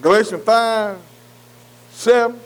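High-voiced man teaching a Bible class. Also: takes it slowly, rough recording. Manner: call-and-response fill-in questions; repeated "am I right?" checks with listeners. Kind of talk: sermon-style Bible teaching.

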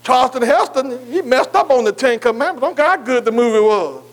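A man preaching a sermon, who keeps asking his listeners "am I right?" and slowly spells out key words letter by letter. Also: very high voice, lively intonation, rough recording. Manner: asks the congregation "am I right?" again and again.

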